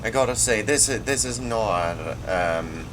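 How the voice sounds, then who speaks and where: A Swedish man, just woken up and a bit groggy, commenting casually on his gameplay with a laid-back, rambling manner and sudden loud outbursts. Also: lowish voice, lively intonation, measured pace, background noise. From Sweden. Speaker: gaming channel host.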